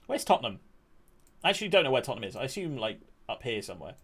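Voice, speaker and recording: Picture a young guy on a live game stream, chatting loosely with viewers and teasing them back. His talk is relaxed and offhand, with casual swearing. His voice sits at an ordinary middle pitch for a man. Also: racing, husky. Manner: bantering, reading and answering chat, swears casually.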